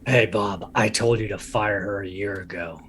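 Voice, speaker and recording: A man's voice: lowish voice, moderate pace, fairly bright tone, a little hiss or hum, lightly acted. A man voicing a weary, aging male cop who is blunt and grumbling. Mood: scornful.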